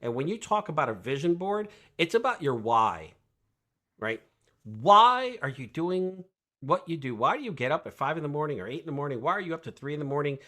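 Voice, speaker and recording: A man talking as a guest coach on a podcast, energetic and emphatic, asking rhetorical questions and often tagging "right?" onto his points. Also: a little high, a little fast. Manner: rhetorical questions, animated storytelling. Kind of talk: podcast conversation.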